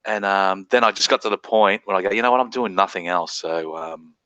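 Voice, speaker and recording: A man's voice: low-pitched, fairly quick, bright, forceful tone, clean tone, no room sound, muffled recording. A middle-aged Australian man hosting a casual late-night stream, rambling, swearing freely and laughing often. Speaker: livestream host.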